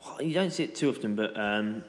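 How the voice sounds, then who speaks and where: A man's voice: lowish voice, animated. A man in his own voice, a co-host who teases the others with jokey asides in casual banter. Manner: teasing, quick with jokey asides. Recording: echoey room with long reverb.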